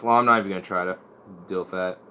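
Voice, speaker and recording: A man's voice: sits low, fairly even intonation, very fast, bright, forceful tone. A man chatting casually while playing guitar, rambling and swearing freely. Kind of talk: casual chat.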